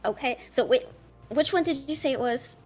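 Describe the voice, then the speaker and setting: A woman player speaking as her character in a tabletop game, flustered and exasperated, with a slightly high voice. Soft music plays under her. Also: moderate pace. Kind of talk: in-character tabletop role-play.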